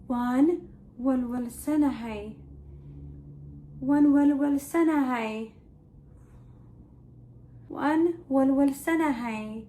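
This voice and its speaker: High-voiced lady teaching little kids, slow and playful, acts out every feeling. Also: warm tone. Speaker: children's language teacher. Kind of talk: toddler language lesson.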